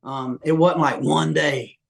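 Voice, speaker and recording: Animated Southern man telling stories. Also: a little high, unhurried, vocal fry. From Georgia, US. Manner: folksy, animated, acts out quotes with big voice jumps. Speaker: podcast guest. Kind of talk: casual storytelling interview.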